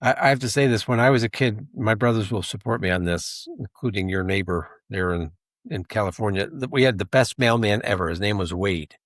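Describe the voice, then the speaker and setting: A man's voice: on the low side, fairly quick, no echo. A man co-hosting a podcast, talking in a rambling, casual way with asides and restarts. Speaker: podcast co-host, intelligence analyst.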